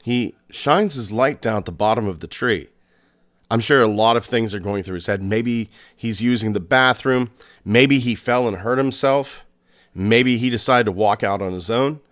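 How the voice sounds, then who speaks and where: A man hosting a podcast, narrating a scary story in a suspenseful way, with pauses and restarts. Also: medium pitch, a bit bright. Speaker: podcast host.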